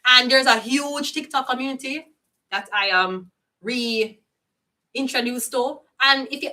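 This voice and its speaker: A woman's voice: high voice, slow, pushed and bright, distant mic. An older Jamaican woman reading tarot in a heated, profane rant that slips into patois. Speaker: tarot reader. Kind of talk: casual ranting monologue. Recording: voice set back from the mic.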